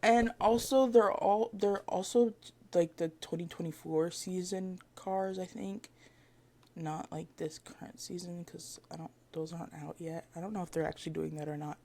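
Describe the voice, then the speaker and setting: A woman chatting casually to camera as a vlogger, excitable and rambling, with lots of fillers, giggles and self-corrections. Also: fairly low pitch, moderate pace, vocal fry. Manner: gushing fan talk with giggles.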